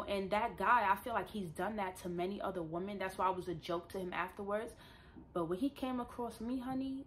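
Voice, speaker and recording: A young woman vlogger at home, telling a personal story to camera in an emphatic, animated way and often addressing her viewers directly. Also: lowish voice, slight background noise. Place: at home with a dog nearby.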